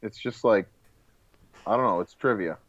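A man co-hosting a casual movie podcast, relaxed, sharing film trivia and laughing along. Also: fairly low pitch, moderate pace, no room sound. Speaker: podcast co-host. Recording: dry, dull lo-fi mic.

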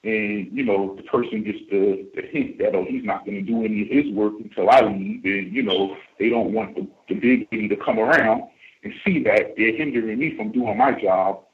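Heard on a phone line, a man from the United States rings a radio show to tell a story, speaking casually and rambling with plenty of fillers and restarts. His voice is lowish and his pace moderate.

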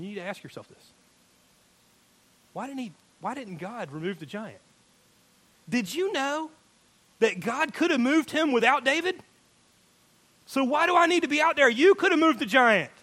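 A man's voice: high-pitched, bright, forceful tone. A man preaching a sermon, emphatic, quoting people in acted asides. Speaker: pastor.

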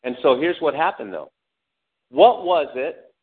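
A man preaching a sermon with lively delivery, asking the congregation questions and acting out angry cries. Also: a little high, unhurried. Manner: animated preaching, calls out to the congregation, acts out angry shouts. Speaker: pastor. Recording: tinny phone-like lo-fi sound.

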